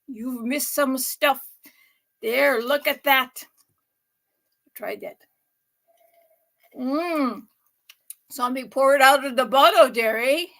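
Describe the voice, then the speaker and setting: A woman with a slightly high voice hosts a casual cooking vlog from her home set. She talks slowly and chattily, laughing often and breaking into exclamations. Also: a bit bright. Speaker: host making drinks at home.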